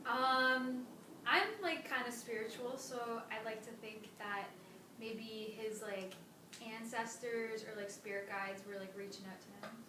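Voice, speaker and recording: A woman's voice: a little high, steady tone, a little slow. Easygoing woman guest, echoey and distant. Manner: easygoing, short replies, giggly. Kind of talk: casual chat. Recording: echoey room, off-mic, background noise.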